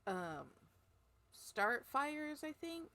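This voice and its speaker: A woman's voice: high voice, very animated, extremely slow, a crowd in the background. A woman co-hosting a book podcast, retelling a novel's plot in a rambling, casual way with lots of fillers. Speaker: podcast co-host. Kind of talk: casual book-club chat.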